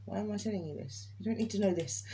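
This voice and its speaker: A woman's voice: medium pitch, a bit bright. Woman, chatty, laughs often, casual chat, faint hiss. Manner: chatty, laughs often, quotes others in raised voice. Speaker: vlogger.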